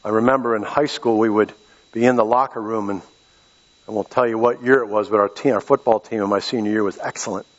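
Husky-voiced pastor preaching in a hall. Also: male voice, on the low side, steady tone, fast. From western Pennsylvania, US. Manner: impassioned, repeats key phrases. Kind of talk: sermon. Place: church sanctuary. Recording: echoey hall, dull lo-fi sound.

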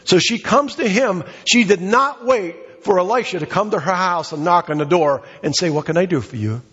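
A middle-aged male pastor preaching a sermon, swinging between high, emphatic calls and low, quiet asides. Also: animated, moderate pace, slightly rough. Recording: dull sound with long hall reverb.

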